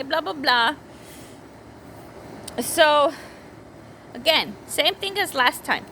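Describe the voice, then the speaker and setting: High bright rambling mom storyteller. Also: female voice, expressive, moderate pace, a little hiss or hum, rough recording. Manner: rambling, self-correcting, breaks off to scold kids. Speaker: mother vlogging about her week. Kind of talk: casual storytelling vlog. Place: home with small children around.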